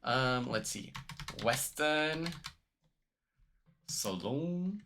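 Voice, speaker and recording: A man's voice: medium pitch, expressive, drawn-out words, pushed and bright, slight background noise. A man streamer reacting to a clip in casual chat, hesitant and repeating words as he thinks aloud.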